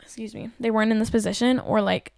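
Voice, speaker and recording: A woman in her twenties hosting a podcast, telling a work story in casual chat, venting and animated with lots of "like". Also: a little high, fast talker, vocal fry, dry recording, clean studio sound. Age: 20s. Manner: venting, animated, heavy use of "like". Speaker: podcast host.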